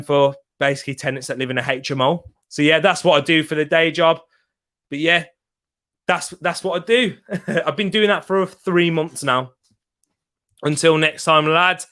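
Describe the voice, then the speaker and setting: A man's voice: mid-range voice, a bit bright, smooth. Chatty young man hosting a match stream. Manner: chatty, answers live chat comments by name, laughs easily. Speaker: watch-along host. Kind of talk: live football watch-along chat.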